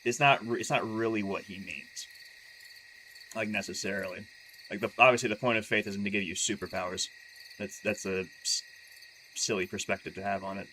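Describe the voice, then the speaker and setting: A man in a casual live stream, his voice sitting fairly low yet sounding crisp and forceful. He talks in a halting, self-correcting way and makes wry remarks. A faint hiss of background noise runs underneath. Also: fairly even intonation, poor audio. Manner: halting, stumbles and restarts often; chatty and wry when talking freely. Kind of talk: casual live-stream chat and reading aloud.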